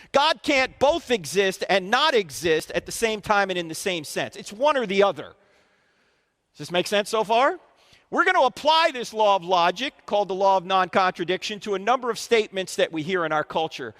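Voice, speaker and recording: A man with a high, lively voice lectures a crowd of students, firing questions at them to keep them engaged. The sound carries a long reverb from the auditorium he speaks in. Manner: animated, quizzes the audience with questions. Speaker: Christian apologetics speaker. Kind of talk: live lecture to a student audience. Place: university auditorium. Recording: reverberant hall.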